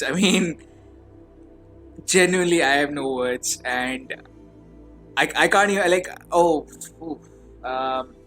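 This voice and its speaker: A man hosting a casual fan podcast, gushing and stammering, his voice trembling with excitement. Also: mid-range voice. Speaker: podcast host.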